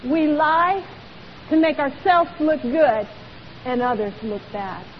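Female preacher, high-pitched, emphatic sermon delivery, faint hiss on a muffled recording. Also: animated, takes it slowly. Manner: emphatic, rhetorical questions. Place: church. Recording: dull lo-fi recording with long hall reverb and faint hiss.

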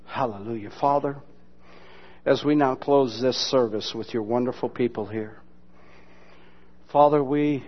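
A man preaching a sermon in a folksy, mocking, humorous way, mixing Bible lessons with sudden loud imitations. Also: mid-range voice, a little slow, long pauses. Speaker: pastor. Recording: dull lo-fi sermon recording.

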